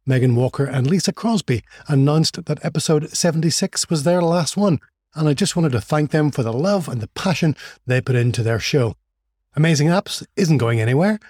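A friendly male podcast host with a somewhat high voice, upbeat and joking as he welcomes his guest. The sound is close and dry, with no room around it. The pace is easy and conversational. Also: darkish tone, dry recording. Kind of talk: podcast intro and interview chat.

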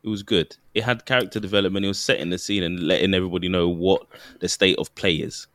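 A young man, co-hosting a casual podcast chat, animated and often laughing. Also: low-pitched, fast talker, dry recording, studio quality. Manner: animated, laughing, mimics voices for jokes. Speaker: podcast co-host.

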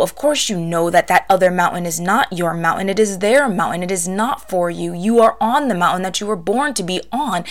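A woman podcast host giving an impassioned spoken-word monologue, slow and deliberate, swearing freely, with hushed dips. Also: mid-range voice.

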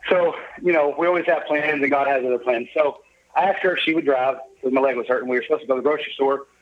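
Talking fast at an easy middle pitch with a drawl, this cheerful middle-aged podcast guest spins a long personal story in a casual interview, slipping into the voices of people he quotes. The upbeat, jovial delivery comes through slightly dull, lo-fi audio with a little hiss or hum, like a modest podcast setup.

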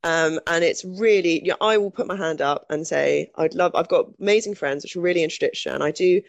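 A woman's voice: fairly low pitch, fast talker, gravelly, no echo. A woman guest speaking candidly in a conversational interview, chatty and self-deprecating, restarting her sentences often.

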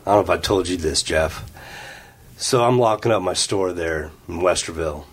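A man's voice: sits low, normal speed. A man from Ohio, a guest telling a story in casual chat in an office conference room, acting out what people said. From Ohio, USA. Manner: animated, acts out quotes.

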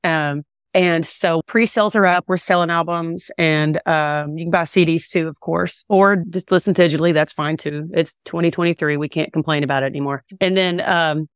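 A woman singer-songwriter talking casually in an interview, relaxed and rambling with many fillers and restarts. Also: low voice, moderate pace, clear, resonant tone, no room sound, clean studio sound. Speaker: country singer-songwriter guest.

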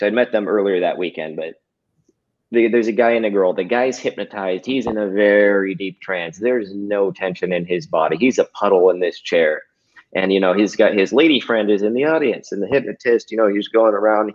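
A man, a hypnotist guest, telling a story casually and animatedly, with lots of fillers and some swearing, over a video call. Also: fairly low pitch. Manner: animated, profane, filler-heavy. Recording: dull lo-fi audio.

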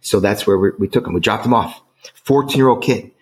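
A man's voice: lowish voice, a little fast, a little hiss or hum. A middle-aged man from the United States telling a personal story as an interview guest, emotional, earnest and emphatic. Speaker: guest author.

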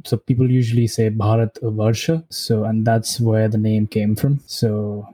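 Young Indian man, very mellow dark voice, earnest and explanatory. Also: lowish voice, flat delivery, unhurried, husky. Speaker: podcast guest. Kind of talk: casual interview answers.

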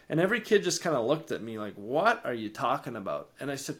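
A man, podcast co-host and ministry founder, telling a faith testimony with lively rises in energy and frequent word repeats. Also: fairly quick, few pauses. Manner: animated, rises in pitch and energy when excited; repeats words and restarts sentences. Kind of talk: storytelling testimony in an interview.

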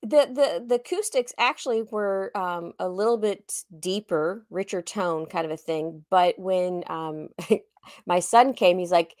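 A woman co-hosting a podcast over a video call, who giggles often and tells stories in a relaxed, chatty way. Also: on the low side, a little slow, no room sound, clean studio sound. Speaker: podcast co-host. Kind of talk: casual chat.

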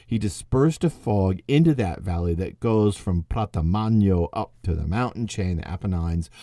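A middle-aged man lectures in a lively, animated way, his pitch swinging widely as he makes his points. His voice is dark and mellow, with a wry, conversational touch. The sound is dry and close. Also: no room sound. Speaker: podcast host and literature teacher.

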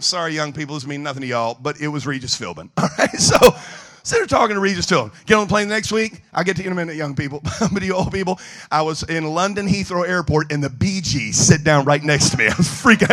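A man preaching a sermon, telling funny stories in an animated, joking way. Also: a little high. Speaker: evangelist. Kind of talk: sermon storytelling.

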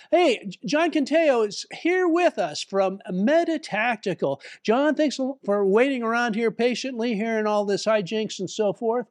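High-voiced man hosting, under the weather. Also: lively intonation, normal speed, hardly any pauses, no room sound, clean studio sound. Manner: joking, rambling with fillers. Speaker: host. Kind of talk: live talk show hosting.

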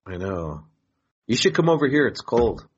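A man's voice: mid-range voice, sing-song, moderate pace, breathy edge, muffled recording. A man hosting a podcast in a casual, profane, joking way, rambling between topics. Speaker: podcast host.

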